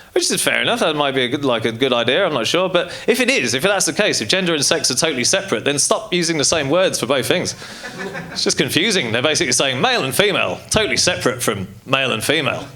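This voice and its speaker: A male stand-up comedian doing a casual, rambling, profane set on a club stage, full of fillers. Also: mid-range voice. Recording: live comedy club with loud audience.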